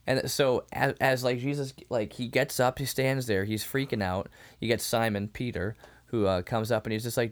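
A man co-hosting a podcast in casual chat, retelling scenes with lively acted-out lines and frequent laughs. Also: on the low side, moderate pace. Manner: animated retelling, acting out lines, laughs often. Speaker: podcast co-host.

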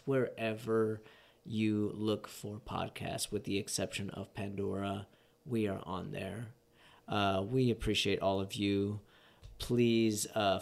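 A drunk podcast co-host chatting casually in a low, gravelly voice. He talks hesitantly and fills his pauses with ums and uhs. He swears now and then. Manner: hesitant with many fillers, swearing.

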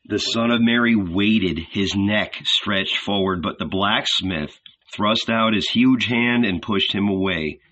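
A man reading a novel aloud as narrator, in a measured, dramatic storytelling manner. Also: lowish voice, fairly bright tone, highs cut off. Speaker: audiobook narrator. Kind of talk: scripted narration.

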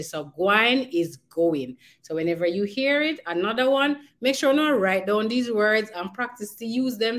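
A Jamaican woman hosting a community talk show, chatting casually, slipping into patois and laughing easily. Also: lowish voice. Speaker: show host.

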